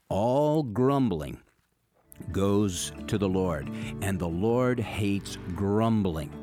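A man's voice: on the low side, expressive, extremely slow, warm tone, soft background music. An older man, a pastor and radio host, preaching emphatically with repeated rhetorical questions on a close studio mic. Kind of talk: radio sermon.

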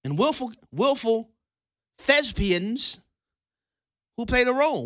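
Man, political commentary host, sarcastic, high lively voice, bright tone, dry recording. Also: slow, pauses often, no room sound. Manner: sarcastic, mocking, laughs often, stammers and repeats for emphasis. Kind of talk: opinionated commentary monologue.

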